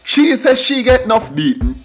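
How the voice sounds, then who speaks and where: A middle-aged Jamaican man tells a story in a high voice with a lilting, sing-song delivery. He leans hard on emphatic patois asides. Faint music plays behind him. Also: sing-song, moderate pace. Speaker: commentator. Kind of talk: storytelling monologue.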